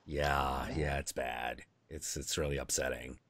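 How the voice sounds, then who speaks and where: A man's voice: a bass voice, measured pace. A man hosting a live stream, chatting casually and candidly, swearing freely as he tells stories. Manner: candid, swearing, animated storyteller. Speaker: stream host.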